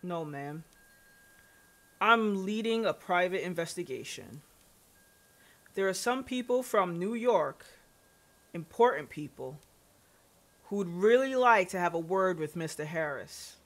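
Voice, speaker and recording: A courteous, persistent male private investigator, as a woman reads his lines. His words come slowly and formally, in a voice pitched a little lower than hers. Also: animated, fairly bright tone, full character voice. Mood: polite. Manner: formal, polite reading.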